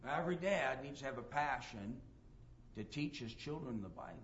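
A man's voice: medium pitch, expressive, a little fast, fairly bright tone, dull audio, slight background noise. A man preaching a sermon emphatically, reading scripture aloud and acting out the people in his stories. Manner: emphatic preaching, reads scripture aloud, acts out quoted dialogue.

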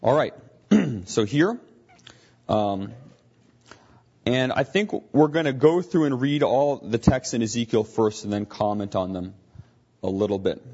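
Male Bible teacher, husky voice, talks through his points with frequent restarts, muffled lo-fi recording. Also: medium pitch, animated, unhurried, long pauses, a little mellow. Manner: explanatory, thinking aloud with frequent restarts.

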